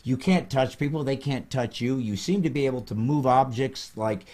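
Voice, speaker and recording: A man's voice: mid-range voice, normal speed, warm tone. A man hosting a comedic interview, questioning his guest with playful mock seriousness. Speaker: comedy podcast host.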